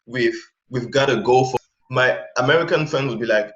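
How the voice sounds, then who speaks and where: A man speaking as an interview guest in casual chat, pausing to search for examples mid-sentence. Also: medium pitch. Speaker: interview guest, language learner. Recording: echoey, dull sound.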